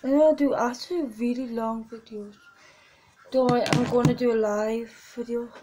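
A woman's voice: on the high side, fairly even intonation, moderate pace, warm tone, a little hiss or hum, poor audio. A teenage girl vlogging casually, chatty and gushing as she talks through photos on her phone. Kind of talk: casual vlog chat.

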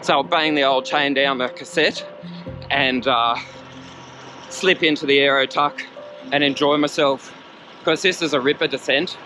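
An Australian cycling vlogger rides through a national park and keeps up a chatty, jokey, upbeat commentary to the camera, full of local slang. His voice is mid-range with fairly even intonation, a measured pace and long pauses. Music plays in the background.

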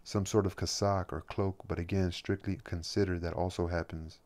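A man reading a classic novel aloud as an audiobook, in steady, measured narration. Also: sits low. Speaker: reader.

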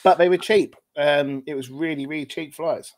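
A man talking as a guest on a podcast, relaxed and blunt with his opinions, laughing easily. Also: a little high, moderate pace. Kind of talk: casual chat.

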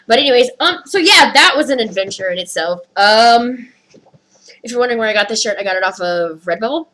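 A woman's voice: on the high side, lively intonation, fairly quick, fairly bright tone, low-quality recording. A woman vlogger ranting through a storytime with heavy swearing, upset and rattled. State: upset, skin crawling. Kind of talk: storytime rant.

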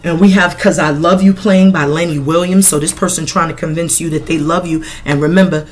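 A middle-aged woman giving a casual tarot reading in a blunt, animated, profane way. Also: sits low, fairly quick. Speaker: tarot reader.

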